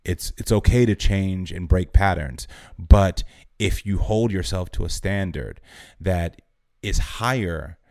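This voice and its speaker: A man speaking as a guest therapist on a podcast, offering calm, earnest and measured advice. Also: low voice, vocal fry, no room sound, clean studio sound. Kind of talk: podcast conversation.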